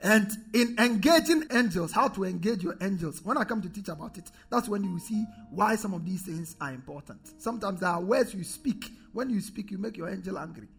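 A male pastor preaches in a high, gravelly voice. His tone is husky, and he repeats key lines with emphasis and calls for responses, over faint music. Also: animated, a little fast, hardly any pauses, a bit bright. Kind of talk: sermon.

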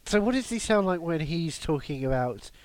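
A man's voice: fairly high pitch, expressive, normal speed, no room sound. A man hosting a casual comedy podcast, riffing in a jokey, mock-serious way.

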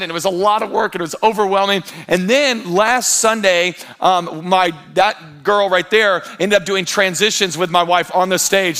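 A man, preaching a sermon and telling lively stories with acted-out quotes. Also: sits high. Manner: animated storytelling with quoted voices. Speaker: pastor.

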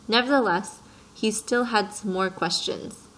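A woman narrating a story in a calm, even audiobook reading. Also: on the low side, normal speed, rough recording.

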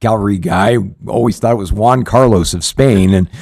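A man's voice: on the low side, moderate pace, a little mellow, dry recording. Earnest pastor man, dry close sound. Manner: earnest, rambling with frequent restarts and fillers. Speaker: pastor and show host. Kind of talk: conversational Bible teaching.

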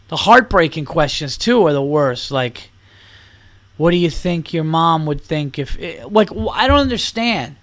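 A man's voice: fairly high pitch, a little slow. Profane ranting male podcast host. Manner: rambling, profane, animated ranting. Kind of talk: comedic monologue.

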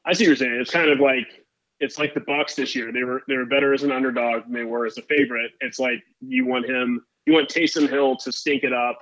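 A man's voice: mid-range voice, fairly even intonation, brisk, fairly bright tone, no room sound. Rambling man talking football, muffled sound. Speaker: podcast co-host. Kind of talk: casual sports chat.

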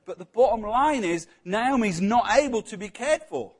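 A man's voice: high voice, lively intonation, moderate pace, slightly rough. A man preaching a sermon in a conversational way, often putting questions to the congregation.

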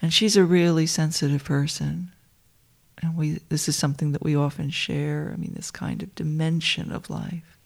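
A woman telling a personal story to listeners she calls dear friends, in a soft, intimate way that often drops to a whisper. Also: low-pitched, steady tone, normal speed, vocal fry.

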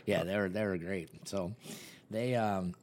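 A man's voice: deep voice, unhurried, a little mellow. A man co-hosting a podcast, telling crude stories with lots of laughs and restarts. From Ireland. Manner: crude, laughing, loose storytelling with many restarts. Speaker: podcast co-host. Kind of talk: casual chat.

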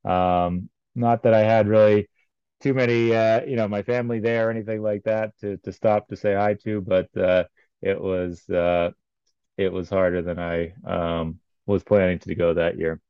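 A man's voice: low-pitched, level tone, moderate pace, mellow, clean tone, no echo, highs cut off. A man recounting a race in casual podcast chat, rambling with many ums and uhs.

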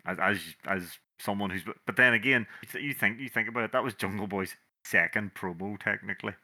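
A man's voice: on the low side, brisk, pushed and bright. A Scottish man co-hosting a podcast in casual chat, talkative and fond of mimicking people. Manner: chatty, mimics people in quotes. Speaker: podcast co-host.

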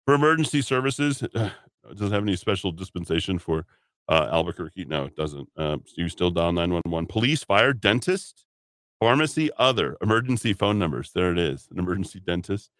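A man's voice: low voice, expressive, brisk, fairly bright tone, no room sound. A male talk radio host, rambling through a casual monologue with sarcastic asides and chuckles. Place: radio studio.

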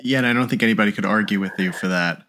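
Podcast host guy, a bit low, measured, appreciative. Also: sharp tone, a little hiss or hum. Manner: measured and appreciative, with some ums. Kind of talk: interview conversation.

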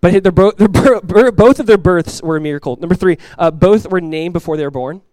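Animated preaching man with a dry sound. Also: sits high, fast talker, no room sound. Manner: animated preaching, acts out quoted voices, laughs. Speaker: pastor. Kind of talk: sermon. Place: church.

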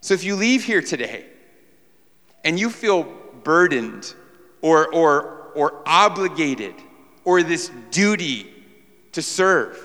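Before a congregation in a church sanctuary, a New York preacher delivers an emphatic sermon full of repeated phrases and rhetorical questions. He speaks unhurriedly in a high-leaning, expressive, sharp-toned voice, and the big hall adds a long reverb.

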